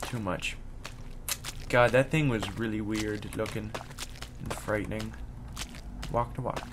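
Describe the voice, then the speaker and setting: A young man commenting on a horror game he plays in his room, easily startled and swearing, yelling at noises. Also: lowish voice, steady tone, slow, background noise. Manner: jumpy and profane, yelling at loud noises. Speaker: gaming let's play host. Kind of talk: let's play commentary. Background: game music.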